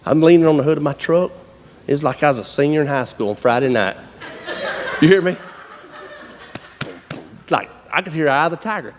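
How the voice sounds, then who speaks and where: A man with a Southern US accent, preaching a sermon as a folksy, animated storyteller. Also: fairly high pitch, moderate pace, pauses often, a little hiss or hum. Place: church hall. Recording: long reverb of a large hall.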